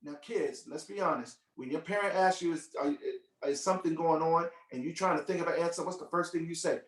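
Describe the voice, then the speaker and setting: A man, a musician teaching children over a video call, telling a story in a playful, expressive way and asking the audience questions, with piano behind him. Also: on the high side, quick pace. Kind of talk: animated storytelling workshop. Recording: echoey room audio from far off.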